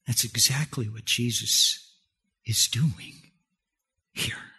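A man preaching a sermon, swinging from raised exclamations to soft near-whispers. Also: high-pitched, animated, slow pace, breathy edge. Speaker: pastor.

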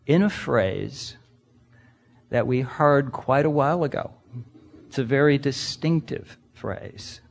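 A male pastor preaching at an unhurried, deliberate pace, with a voice that sits somewhat high for a man. He leans on rhetorical questions and swings between forceful emphasis and hushed, low passages. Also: expressive, gravelly. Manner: speaks to the congregation directly. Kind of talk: sermon.

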